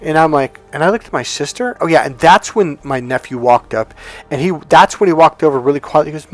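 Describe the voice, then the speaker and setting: A man, a dating coach, telling a rambling personal story in casual monologue, acting out other people in a high voice. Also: expressive, brisk.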